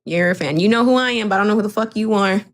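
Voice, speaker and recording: A woman's voice: medium pitch, rapid-fire. A woman co-hosting a livestream in casual chat, blunt and profane, mocking people in the chat.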